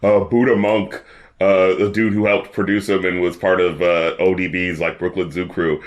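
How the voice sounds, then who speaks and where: A man's voice: deep voice, little pitch movement, normal speed, muffled recording. Profane, storytelling male podcast co-host. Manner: loose, profane storytelling with bursts of acted shouting. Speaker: podcast co-host and rap critic. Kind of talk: casual podcast chat.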